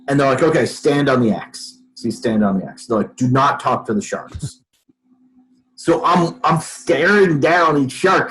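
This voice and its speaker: A man with a medium-pitched voice, captured on a rough recording, tells a story as a guest on a podcast. He's an animated storyteller who acts out other people's lines as he goes, in the style of a casual interview.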